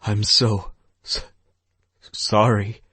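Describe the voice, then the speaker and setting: A man's voice: mid-range voice, slow, husky, no echo, voice pushed up. A man narrating an audiobook, voicing a guilt-ridden young woman who is crying and pleading. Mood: sobbing. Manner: broken, pleading. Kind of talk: audiobook character voice.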